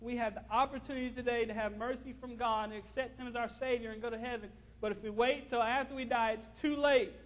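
Male pastor, very high voice, fervent repetitive preaching, echoing church sanctuary. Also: fairly even intonation, quick pace, hardly any pauses, a bit bright. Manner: fervent preaching, repeats phrases, reads scripture aloud. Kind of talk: sermon. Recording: long hall reverb.

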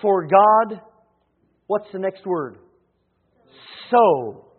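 A man preaching a sermon in church, swinging between hushed and emphatic delivery with frequent hesitations. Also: high-pitched, moderate pace. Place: church sanctuary. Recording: tinny phone-like sound.

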